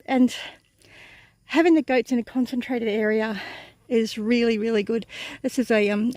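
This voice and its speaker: A woman's voice: a little high, dry recording. A woman vlogging outdoors on her farm, chatty and rambling, tired and a bit out of breath. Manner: chatty, rambling with fillers and self-corrections. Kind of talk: casual outdoor vlog.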